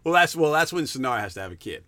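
Jokey man with a bright, animated voice. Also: medium pitch, racing. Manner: jokey, rambling, laughs a lot. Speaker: podcast guest, host's husband. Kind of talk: casual chat.

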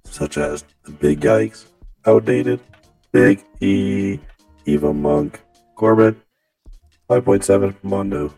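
Guy talking thru a vocoded robot voice, slow and halting, kinda low. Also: loud music behind the voice, rough recording. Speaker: podcast co-host. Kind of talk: reading patron thank-yous.

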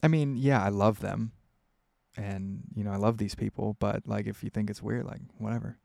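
A young man hosts his own podcast, talking straight into a close microphone in a dry, dead room. His voice sits low with a gravelly edge, and he rambles candidly, full of fillers and restarts. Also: steady tone, normal speed, mellow, dry recording. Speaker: podcast host answering listener questions. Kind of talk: casual solo podcast.

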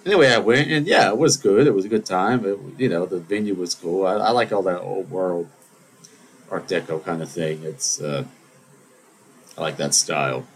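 A man's voice: low voice, moderate pace, slight background noise, poor audio. A man hosting a podcast, telling a story in a casual, digressive monologue with wry asides. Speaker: podcast host.

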